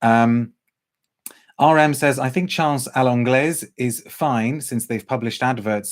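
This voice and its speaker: A man's voice: medium pitch, slow pace. A man hosting a live perfume review, chatting casually, hesitating often and reading out viewer comments. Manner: chatty, hesitant, full of ums and restarts. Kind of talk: casual live-stream chat.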